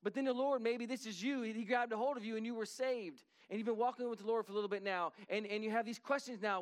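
A middle-aged man preaches a sermon in a high, smooth, resonant voice. He talks animatedly and climbs to emphatic peaks as he drives each point home. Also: fairly even intonation, fast talker, hardly any pauses. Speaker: pastor.

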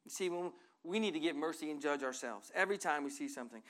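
Man, high voice, pastor preaching a sermon, earnest, reads scripture, loud then soft. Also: lively intonation, fast talker.

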